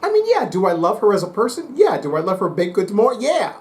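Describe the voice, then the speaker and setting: A man talking casually to his viewers, chatty and playful with lively asides. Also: high voice, a little fast. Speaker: psychic reader and YouTuber. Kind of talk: casual monologue to camera.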